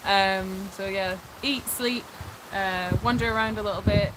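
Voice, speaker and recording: A Scottish woman co-hosts a casual live stream from an animal sanctuary, reading viewer comments aloud and answering them with frequent laughs. Her mid-range voice is steady and unhurried, and the background is noisy.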